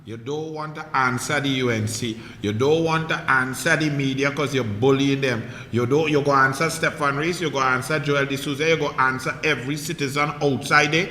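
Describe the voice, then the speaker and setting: A man's voice: mid-range voice, moderate pace, hardly any pauses, bright, forceful tone, echoey room, in a large hall, a little hiss or hum. A man with a Trinidadian accent giving a heated, mocking political monologue full of rhetorical questions. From Trinidad and Tobago. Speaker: political commentator.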